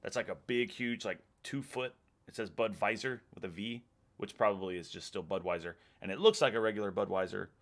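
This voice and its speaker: A man's voice: lowish voice, fairly quick. A man in his thirties with a Texan accent, chatting casually on a live stream and reading out viewer comments, rambling and laughing a lot. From Texas, USA. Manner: rambling, laid-back, laughs often, trails off mid-sentence.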